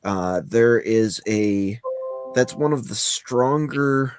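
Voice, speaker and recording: A man's voice: medium pitch, slow pace, soft background music. A man co-hosting a talk show, explaining things in a rambling way. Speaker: co-host. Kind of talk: casual chat.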